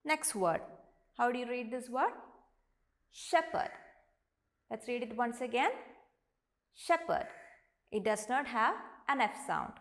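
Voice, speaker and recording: A woman teacher with an Indian English accent, giving an online lesson and sounding out each word slowly and deliberately. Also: a little high, a bit bright. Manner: slow, deliberate, models each word aloud.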